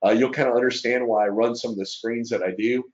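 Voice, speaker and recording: A man's voice: mid-range voice, steady tone, fast talker, lo-fi sound. A man presenting his trading story to fellow students in an earnest, emotional way, with lots of fillers and asides. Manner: earnest and emotional, filler-heavy, checks in with "right?". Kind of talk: casual webinar presentation.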